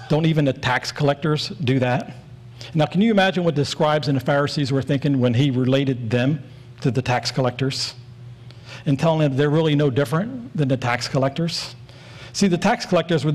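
A man's voice: a little high, a little mellow. A man in his forties preaching a sermon in an earnest, storytelling way, leaning on repeated phrases.

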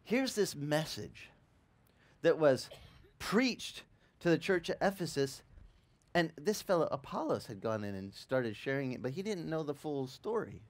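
A man preaching a sermon as pastor, telling lively stories with acted-out quotes and frequent stammered restarts. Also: fairly high pitch. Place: church.

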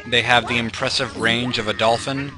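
Over game music, a young let's play commentator offers rambling, self-deprecating remarks loaded with fillers and tangents. His voice is medium in pitch with fairly even intonation, at a normal speed.

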